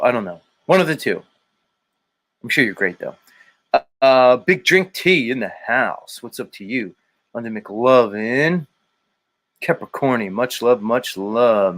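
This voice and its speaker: A man hosting a loose livestream from home, reading out viewer comments and greeting each person in turn. He rambles and jokes, swears casually, and fills the gaps with idle humming. His voice sits at an ordinary middle pitch. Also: fairly bright tone. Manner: rambling, joking, profane, humming to himself. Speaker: livestream host.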